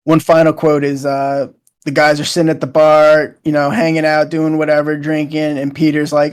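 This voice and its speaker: A man's voice: on the high side, monotone, normal speed, clean tone. A young man chatting casually as a co-host, retelling scenes in a loose, rambling way with lots of fillers. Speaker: show co-host.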